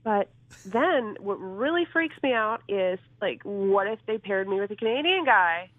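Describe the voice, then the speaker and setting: A woman's voice: mid-range voice, animated, measured pace, no room sound. A middle-aged woman from Minnesota, a stand-up comedian chatting as a guest in a casual interview, giggly and self-teasing. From Minnesota, USA. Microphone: phone line. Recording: tinny dry phone line.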